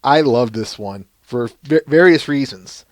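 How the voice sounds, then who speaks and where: Podcast host, man, Minnesotan accent, mid pitch, dry close sound, chatty with frequent restarts. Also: measured pace, dry recording. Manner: chatty, laughing, restarts often. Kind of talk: casual live-stream podcast chat.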